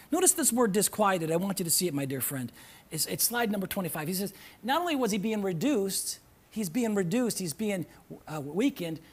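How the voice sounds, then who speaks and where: A male pastor preaching a sermon to a church congregation, animated and often breaking into shouts. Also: high voice, a little fast. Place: church sanctuary with live audience.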